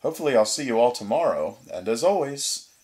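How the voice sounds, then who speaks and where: A man's voice: mid-range voice, expressive, a little fast, a little mellow. A man teaching a recorded grammar lesson, patiently explaining step by step, asking questions and answering them, with frequent fillers like "certainly" and "uh".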